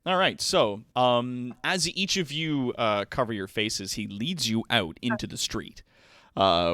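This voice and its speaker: Man, low-pitched, bright forceful tone, halting game-master narration, dry mic. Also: clean tone, no echo. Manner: rambling, halting narration with many fillers.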